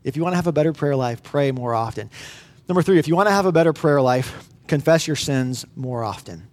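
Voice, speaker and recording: A man's voice: fairly high pitch, animated, brisk. Pastor in his thirties, male, conversational sermon delivery, earnest, with some restarts.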